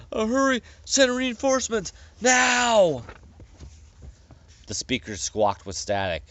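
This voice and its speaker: Guy reading his own story, kinda low voice, stumbles here and there, muffled dead-dry sound. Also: smooth, no room sound. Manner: plain, unhurried reading with small stumbles. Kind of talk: casual audiobook reading.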